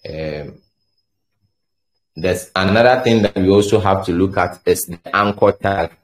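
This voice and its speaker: Speaking in a very low voice at an unhurried pace, a male coding instructor explains a screen-share tutorial. He thinks aloud while typing and running his examples, halting and repeating words as he goes.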